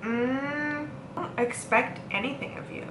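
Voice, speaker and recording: A young woman hosting a casual chat, talkative and quick to laugh. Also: high-pitched. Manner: laughs often, chatty and playful. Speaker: host. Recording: echoey room, faint background noise.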